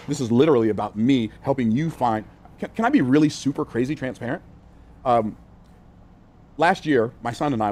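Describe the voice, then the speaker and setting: An older man teaching business sales from a whiteboard, energetic and conversational, repeating phrases for emphasis and using casual words like y'all and ain't. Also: mid-range voice. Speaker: business coach.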